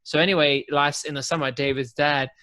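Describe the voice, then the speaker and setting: A man's voice: a little high, steady tone, brisk, pushed and bright. A man co-hosting a casual podcast, rambling through a story and laughing often. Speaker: podcast co-host.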